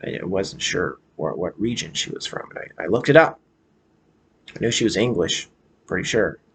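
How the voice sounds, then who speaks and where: A man's voice: deep voice, animated, moderate pace, vocal fry, fairly bright tone, breathy edge. An American man vlogging in a casual, hesitant way, with many fillers and restarts as he chats about a movie. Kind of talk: casual rambling movie chat.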